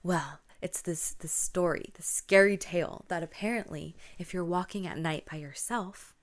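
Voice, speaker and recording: A woman's voice: fairly low pitch, moderate pace, natural voice. A woman voicing eager gossiping schoolgirls. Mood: conspiratorial. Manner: breathless, whispery when spooky.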